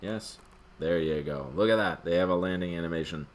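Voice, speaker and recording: An older man giving a casual rant about a video game, swinging between loud outbursts and muttered asides. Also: low voice, fairly quick. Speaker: gaming commentator.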